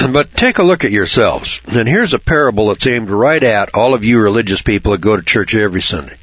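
A man's voice: on the low side, lively intonation, brisk, fairly bright tone, slightly rough, no echo. A man giving informal Bible commentary in a blunt, folksy way, swearing freely and mocking churchgoers with sarcastic asides. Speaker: Bible teacher. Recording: dull lo-fi recording.

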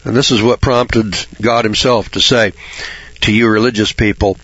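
Blunt husky-voiced man preaching informally. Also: lowish voice, steady tone, moderate pace, fairly bright tone, dry recording. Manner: blunt, folksy, swears freely; mocks churchgoers with sarcastic asides. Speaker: Bible teacher. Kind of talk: informal Bible commentary. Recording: dull lo-fi recording.

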